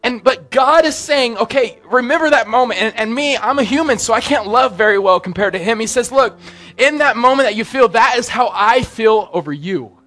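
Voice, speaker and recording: A young male preacher with a bright, high-pitched voice and a loose, chatty delivery. His talk swings from quiet asides to excited bursts, as if sharing a story with friends from the pulpit. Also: fairly quick. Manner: animated, excitable, conversational. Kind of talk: sermon.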